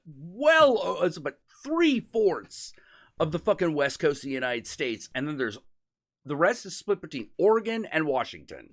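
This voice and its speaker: Streamer host, male, casual chat; hugely swooping pitch, profane and rambling. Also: sing-song, normal speed. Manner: swears constantly, rambling with restarts.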